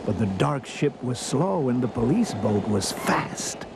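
A man reading a children's storybook aloud, with expressive delivery and sound effects. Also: medium pitch, a little slow, background noise. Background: background music.

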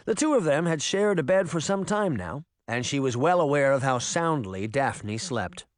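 A man reading an audiobook in expressive storytelling narration. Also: medium pitch, normal speed, no room sound, studio quality. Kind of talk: scripted narration.

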